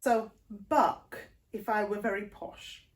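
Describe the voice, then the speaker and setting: A woman's voice: a little high, lively intonation, measured pace. A woman with a northern English accent, teaching singing in a video lesson and patiently explaining vowel shapes with short demonstrations. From northern England. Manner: patient, explanatory, breaks into sung vowel demos.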